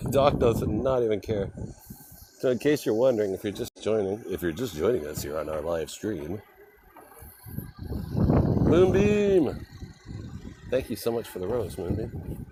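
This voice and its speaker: Background noise accompanies a fairly low male voice at an ordinary pace. He's on a walking live stream that moves from a small shop to the street, keeping up loose chatter with viewers, greeting animals, and laughing often.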